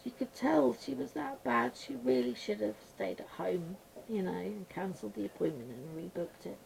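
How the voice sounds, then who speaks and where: A woman chatting casually while she colours at a desk at home, rambling and mumbling quietly to herself, a little blocked up with her voice going gruff. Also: mid-range voice, expressive, moderate pace, slight background noise, low-quality recording. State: slightly congested, voice going gruff. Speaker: colouring channel host. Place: small room at home.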